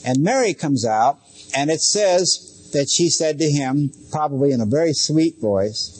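Husky-voiced middle-aged pastor preaching. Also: male voice, fairly high pitch, animated, a little slow, darkish tone. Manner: conversational preaching with asides and direct questions to listeners. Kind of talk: sermon.

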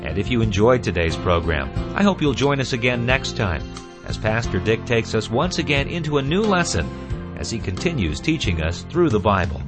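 A male radio host wraps up the program with a low voice that rises and falls in lively swings. Music plays clearly underneath him. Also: normal speed. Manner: warm, expressive announcer with lively pitch. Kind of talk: closing remarks of a Christian radio program. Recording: music bed behind voice.

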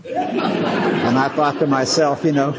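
A man's voice: mid-range voice, fairly even intonation, slow pace, in a large hall, a crowd in the background, noisy background. A man preaching a sermon, earnest and emphatic, teaching through scripture and personal anecdotes.

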